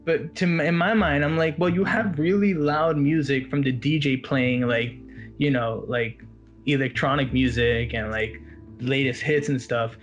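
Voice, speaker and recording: A man working as a walk-around magician, telling a story in an animated, casual chat. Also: medium pitch, measured pace, dull audio, faint music behind. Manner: animated, quotes others in his story.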